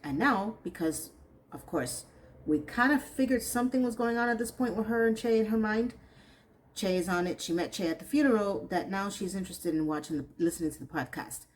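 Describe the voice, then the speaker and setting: A woman with a medium-pitched voice talks a little fast on a rough recording. Reviewing a TV episode in a casual recap, she keeps breaking into exasperated, sarcastic asides.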